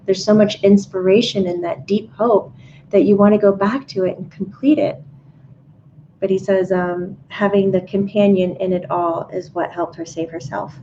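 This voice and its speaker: Woman, mellow voice, calm earnest advice, dull lo-fi audio, faint room noise. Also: medium pitch, normal speed. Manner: calm, earnest, relays guidance. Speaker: co-host.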